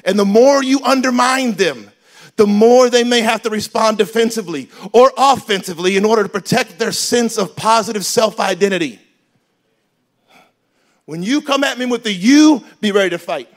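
A man preaching a sermon as pastor in a church, animated and joking, switching between loud emphasis and quiet asides. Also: high-pitched. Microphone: handheld microphone.

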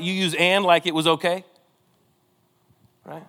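A man preaching a sermon in a church, animated and acting out quoted lines in different voices. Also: high voice, unhurried, long pauses. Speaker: pastor.

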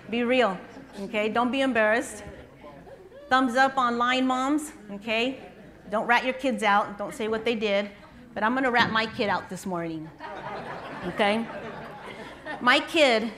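A woman's voice: medium pitch, a bit bright. A middle-aged woman, a pastor's wife, giving a conversational sermon to mothers, telling a personal story and asking her listeners questions. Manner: conversational, asks the audience questions. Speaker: pastor's wife speaking to moms.

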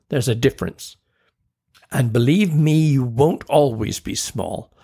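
A man's voice: mid-range voice, creaky, darkish tone, heavily acted. A man voicing a firm but caring mother who reassures her daughter.

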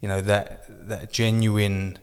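Male host, low monotone, rambling casual chat, reverberant room. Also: slow, clear, resonant tone. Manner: rambling, many restarts and fillers, warm praise. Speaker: podcast host.

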